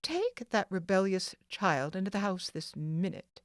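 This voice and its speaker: A woman's voice: medium pitch, sing-song, unhurried, no echo, clean studio sound. Woman reading as a cold, haughty rich mother. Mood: stern. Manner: cold, sharp, scornful. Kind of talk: audiobook character voice.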